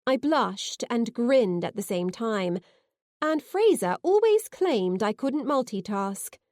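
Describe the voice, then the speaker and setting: A woman narrating a science fiction novel in the first person, expressive and heartfelt. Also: a little high, takes it slowly, dry recording, clean studio sound. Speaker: audiobook narrator.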